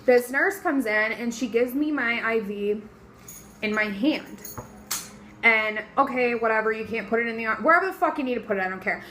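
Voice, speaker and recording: A young woman telling a story casually in a vlog, animated and profane, full of fillers, sore after surgery. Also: fairly high pitch, moderate pace, faint music behind, low-quality recording. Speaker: vlogger.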